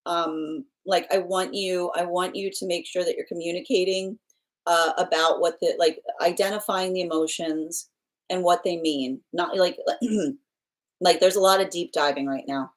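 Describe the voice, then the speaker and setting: On the low side and steady in tone, this young woman's voice moves a little slowly as she reads tarot on a livestream. She talks casually with her viewers, laughs frequently and restarts a lot.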